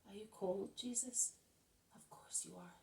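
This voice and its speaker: A woman voicing a tender mother who speaks softly and low, in a hushed voice, in a spoken book reading. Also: a little slow, creaky, distant mic, low-quality recording. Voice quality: soft, hushed.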